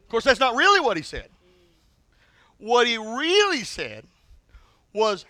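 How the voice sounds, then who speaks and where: A male pastor preaching a sermon in an animated, humorous storytelling manner. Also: extremely high pitch, normal speed, pauses often, no room sound, clean studio sound.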